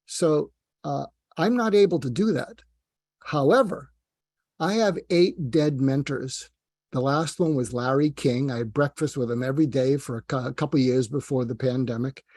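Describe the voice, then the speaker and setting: A man's voice: fairly high pitch, darkish tone, dry recording, studio quality. Rambling, self-deprecating male guest. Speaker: guest, psychiatrist. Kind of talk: casual interview talk.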